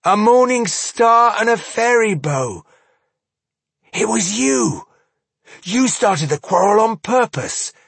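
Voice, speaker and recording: A man voicing a fierce, cunning female elf warrior who speaks sharply and scornfully, with a husky voice. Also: sits high, very animated, takes it slowly, fairly bright tone, no room sound, pitched above the performer's own voice, exaggerated voice.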